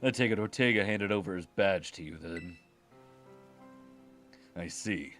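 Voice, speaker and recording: Brief: man reading as a shadowy benefactor boss, deep and deadpan, over game music. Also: unhurried. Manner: flat, reading game dialogue aloud. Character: secretive hacker boss giving orders, young woman.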